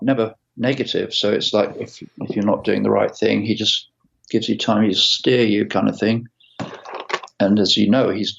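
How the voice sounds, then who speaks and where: Man in his sixties, gravelly voice, halting storytelling, muffled lo-fi audio. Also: on the low side. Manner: halting, with many restarts and asides. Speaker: guitarist guest. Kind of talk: casual interview storytelling.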